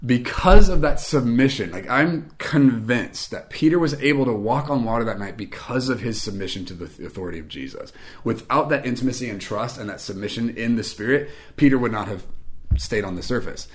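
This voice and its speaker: A man's voice: mid-range voice, lively intonation, a little fast. A young man telling a personal story in a casual, chatty way, with lots of fillers and self-mocking humor.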